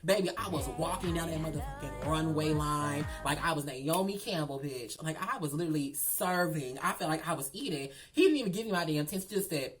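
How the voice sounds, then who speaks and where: A woman telling a story in a casual vlog, sassy, profane and animated, calling the listener girl. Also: deep voice, a little fast, few pauses, soft background music. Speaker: vlogger.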